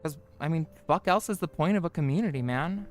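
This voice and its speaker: A livestreamer chatting casually with viewers and friends, joking, swearing and mocking themselves, with the pitch jumping high for greetings. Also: a little fast, soft background music. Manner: joking, profane, self-mocking.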